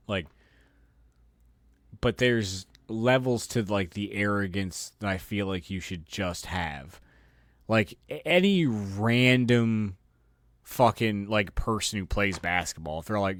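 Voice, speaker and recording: A man with a somewhat low voice rants on his own show, swearing freely and sounding fed up. He trips over his words and repeats them as he restarts his thoughts. The sound is dry and close. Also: expressive, measured pace, fairly bright tone, no echo. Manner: exasperated, riled-up delivery. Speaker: podcast host. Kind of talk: casual profane rant.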